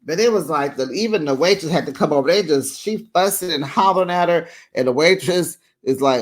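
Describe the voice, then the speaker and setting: A reality TV recap host giving casual, sassy commentary, chatty and quick to laugh. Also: medium pitch. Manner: chatty and sassy, with frequent laughs and acted-out quotes.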